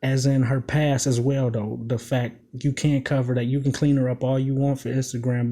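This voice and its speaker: A man's voice: medium pitch, warm tone. A man casually breaking down rap lyrics line by line, emphatic, repeating quoted bars and asking if the listener follows. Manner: emphatic, repeats quoted lines, keeps asking "you know what I'm saying". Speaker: commentator.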